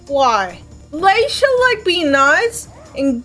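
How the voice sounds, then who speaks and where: High-voiced exasperated young woman gamer. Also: animated, very slow, a bit bright. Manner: exasperated, self-mocking, sing-song complaints. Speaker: let's play gamer. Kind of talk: gameplay commentary. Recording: faint game music behind.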